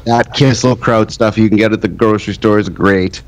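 A man's voice: fairly low pitch, steady tone, normal speed. A man co-hosting a podcast in casual chat, teasing his friends and swearing freely. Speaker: podcast co-host.

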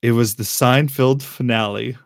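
Man, casual podcast chat, frequent laughs, halting restarts, dry sound, middle pitch. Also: steady tone, vocal fry, no room sound. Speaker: podcast host.

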